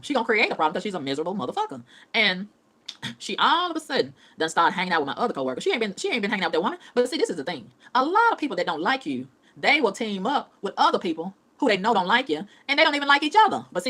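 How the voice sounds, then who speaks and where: A woman's voice: medium pitch, big pitch swings, very fast, fairly bright tone. A woman ranting in a profane, heated vlog monologue, repeating phrases as she goes. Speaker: vlogger.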